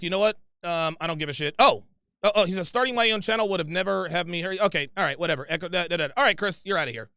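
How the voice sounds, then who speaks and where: A man's voice: sits high, pushed and bright, no room sound, studio quality. A man hosting a livestream, reading viewer super chats and answering them in a heated, profane, confrontational rant, repeating himself often.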